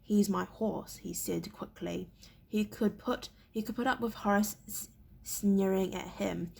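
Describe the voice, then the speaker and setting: A woman reading a novel aloud in a halting way, often stumbling and repeating words. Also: medium pitch, gravelly, a little mellow, husky. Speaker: reader.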